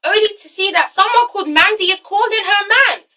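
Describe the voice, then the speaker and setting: A young woman doing a chatty, excited episode recap, acting out the characters' lines as she goes. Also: very high-pitched, a little fast, far from the mic, poor audio. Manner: animated, giggly, slips into dramatic character voices. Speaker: TV episode reviewer. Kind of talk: excited casual recap with acted-out quotes.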